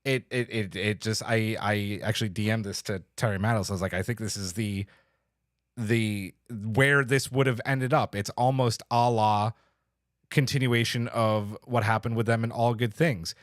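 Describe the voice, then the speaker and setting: A man's voice: on the low side, fairly even intonation, moderate pace, no echo, clean studio sound. A man co-hosting a podcast, chatting casually and enthusiastically, swearing now and then and reading out listener comments. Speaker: podcast co-host. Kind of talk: casual review chat.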